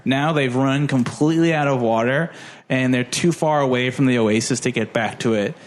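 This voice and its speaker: A man's voice: medium pitch, moderate pace. A young man on a casual podcast, animatedly retelling a film plot with lots of "like" and silly character voices. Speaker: podcast co-host. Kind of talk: casual movie plot recap.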